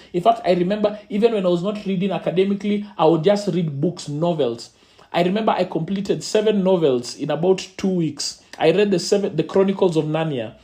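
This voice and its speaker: A Kenyan man gives a storytelling talk with sermon-like flair. He repeats lines for weight and lets his pitch swing widely around a middle register. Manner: animated, dramatic storyteller who repeats phrases for effect. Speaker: youth speaker.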